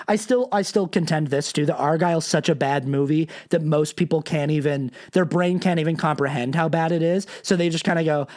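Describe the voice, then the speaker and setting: A male podcast host giving ranting political commentary, sarcastic and animated, who swears freely. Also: on the high side, brisk, hardly any pauses.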